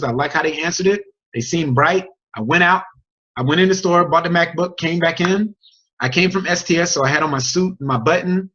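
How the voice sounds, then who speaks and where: A man coaching his team on a group video call, telling a story with an energetic, chatty manner and questions to the group. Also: a little high. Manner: energetic, chatty, sports metaphors and crowd questions. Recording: dull lo-fi video call audio.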